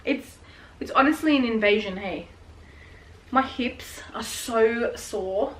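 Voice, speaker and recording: A woman's voice: on the high side, takes it slowly, rough recording. A pregnant woman in her late twenties, chatting frankly and a little out of breath while she wraps gifts at home. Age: late 20s. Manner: frank, chatty, swears and laughs often. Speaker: vlogger. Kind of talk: casual chat while wrapping gifts.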